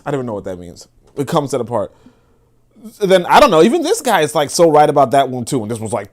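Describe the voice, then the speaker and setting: A man hosting a casual commentary livestream, profane and laughing often, swinging between loud outbursts and low mutters while talking to his chat. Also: wildly swooping pitch, fast talker. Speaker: livestream host reacting to a video.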